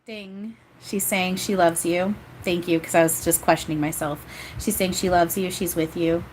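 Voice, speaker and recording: A woman's voice: lowish voice, fairly even intonation, normal speed, a little mellow, faint music behind, low-quality recording. A woman doing a live-streamed spirit reading as a medium, rambling and hesitant with many fillers. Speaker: psychic medium.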